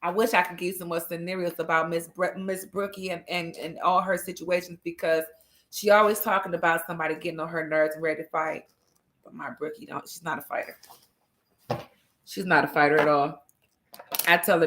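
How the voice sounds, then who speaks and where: A woman's voice: fairly low pitch, flat delivery, fairly quick, fairly bright tone. A woman hosting a casual morning livestream, chatty and laughing often as she greets viewers by name. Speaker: livestream host.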